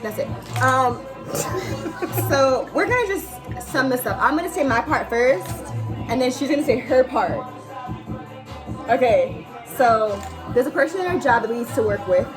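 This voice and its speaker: A woman's voice: high-pitched, expressive, unhurried. A young woman chatting while she does her makeup at home, telling a story and laughing often. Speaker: vlogger doing makeup. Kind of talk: casual chat with a sister. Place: a room at home with music playing. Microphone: phone or camera, no microphone. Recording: music loud in the background.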